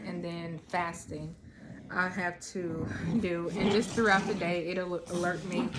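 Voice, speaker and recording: A woman in her thirties talking casually to camera at home, relaxed and rambling with lots of ums. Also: fairly low pitch, noisy background. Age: 30s. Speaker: vlogger. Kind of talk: casual chat.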